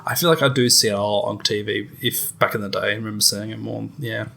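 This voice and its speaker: A man's voice: lowish voice, fairly even intonation, quick pace, vocal fry, bright, forceful tone. A man co-hosting a casual podcast, chatty and laughing between his remarks as he reads out poll questions. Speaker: podcast co-host. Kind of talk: casual chat.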